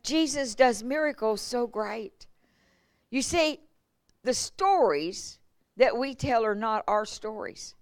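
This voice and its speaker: A woman's voice: a little high, slow pace, dry recording. A woman, a revival preacher telling healing stories in a sermon, acting out quotes and laughing along the way. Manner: animated testimony with laughs and acted-out quotes. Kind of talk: sermon storytelling. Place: church.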